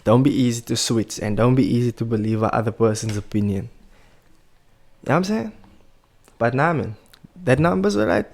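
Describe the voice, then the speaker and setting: A man's voice: mid-range voice, a little mellow. A man hosting a reaction video, talking casually and opinionated, laughing often between remarks.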